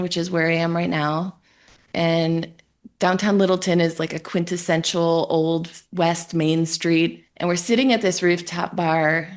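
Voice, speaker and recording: A woman from Ohio shares her story as a podcast guest, her voice sitting a little low. She tells it in a lively, emotional way and acts out her own inner thoughts as she goes. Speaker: guest entrepreneur and business coach. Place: home in a Colorado town.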